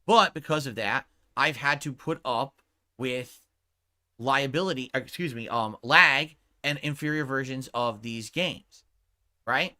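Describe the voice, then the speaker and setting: A man's voice: mid-range voice, a little slow, bright, forceful tone. A male streamer on a heated, profane rant who keeps checking his point with 'right?'. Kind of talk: angry livestream rant.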